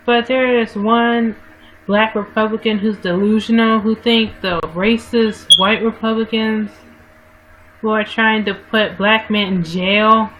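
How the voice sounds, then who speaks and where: Recorded very noisily on a webcam mic, a woman vlogger talks a little slowly to her livestream viewers in a steady mid-range voice. She rambles casually, often fixing her words and starting again.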